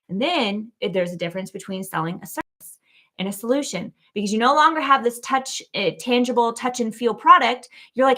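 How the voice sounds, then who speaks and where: Bright, chatty woman motivational host. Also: fairly high pitch, brisk. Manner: animated, chatty, lots of "like" and "okay?". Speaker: keynote speaker and show host. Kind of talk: casual motivational monologue.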